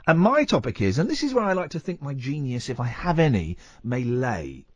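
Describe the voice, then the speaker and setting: A male radio host chatting and teasing his co-host, meandering from one story to the next. His voice is a little husky and swings up and down with plenty of life. The sound is dry and close, straight off a studio microphone. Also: medium pitch, sing-song, brisk, few pauses, dry recording. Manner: rambling, playful and teasing. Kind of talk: late-night radio banter.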